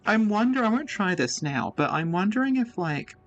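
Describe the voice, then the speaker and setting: A woman's voice: mid-range voice, very animated, normal speed, lo-fi sound, slight background noise. A woman streaming a game, chatting casually and thinking aloud as she plays. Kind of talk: casual gameplay commentary.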